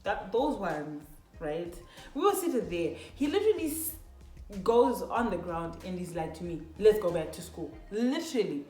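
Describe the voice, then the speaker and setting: A young woman vlogger tells her viewers a personal story, calling them "guys" and peppering her animated, casual talk with "literally" and "like." Her mid-range voice moves at a normal speed in a reverberant space, with soft music in the background.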